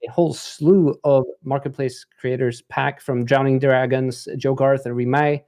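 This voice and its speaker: A man hosts a live stream in an easy, rambling way, full of fillers and restarts. His voice sits in an ordinary middle pitch. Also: steady tone, normal speed, darkish tone. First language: not English. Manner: rambling, many fillers, laughs easily. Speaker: livestream host. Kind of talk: casual livestream presenting.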